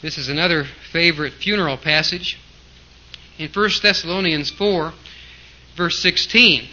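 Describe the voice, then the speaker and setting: A man's voice: a little high, unhurried, long pauses, bright, forceful tone. A man preaching a sermon, explaining scripture in an emphatic teaching manner with rhetorical questions. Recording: dull lo-fi recording.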